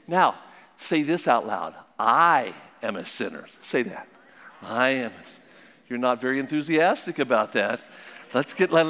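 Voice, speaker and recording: A man preaching a sermon as pastor, emphatic, swinging between loud and hushed. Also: on the high side, in a large hall.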